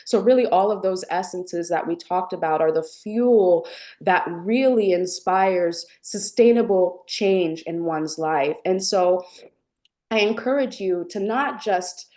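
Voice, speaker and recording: Woman, spiritual stream host, heartfelt and tender delivery, lower pitch, warm timbre. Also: takes it slowly. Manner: gentle, affectionate, heartfelt. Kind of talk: live-streamed spiritual talk with chat.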